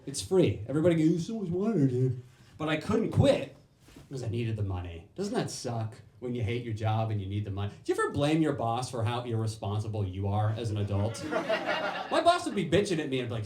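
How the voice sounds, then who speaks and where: A man's voice: medium pitch, brisk, slight background noise. A young man doing a stand-up comedy set on a club stage, swearing freely and acting out the people in his stories. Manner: animated, swearing, acting out quoted voices. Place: comedy club stage before a laughing crowd. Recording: roomy club sound with crowd laughter.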